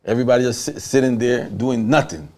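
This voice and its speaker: A man from Panama with a Panamanian Caribbean English accent, a guest telling his story in an animated way and acting out the voices of people he quotes. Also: mid-range voice, fast talker. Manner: acts out quoted voices, laughs often. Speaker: interview guest.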